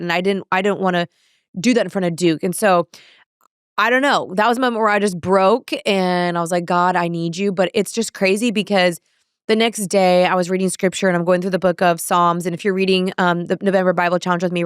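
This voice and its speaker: A young woman hosts her podcast with a smooth, clear voice, recorded close in a dry space. She tells stories casually and animatedly, acting out her own panicked lines and filling gaps with "like.". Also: lowish voice, no room sound. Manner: animated, breathless retelling with acted-out inner quotes; fillers "like" throughout. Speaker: podcast host. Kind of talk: casual storytelling monologue.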